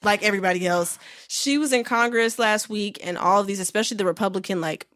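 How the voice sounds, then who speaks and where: Chatty young woman, animated podcast talk. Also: mid-range voice. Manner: animated, chatty, slangy, quick asides. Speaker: podcast co-host. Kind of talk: casual podcast chat.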